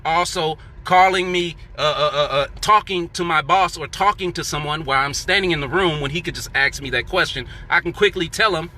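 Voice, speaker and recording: A man's voice: a little high, pushed and bright. A man telling a heated workplace story in casual, profane monologue, acting out what he and others said. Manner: profane, heated, acts out quoted coworkers.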